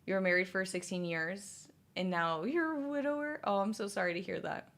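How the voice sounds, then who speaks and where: Young woman, livestream chatter, rambling and filler-heavy, mid-pitched. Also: a little fast, fairly bright tone. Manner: rambling, answers chat messages, many fillers and restarts. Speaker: streamer chatting with viewers. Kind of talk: casual livestream chat.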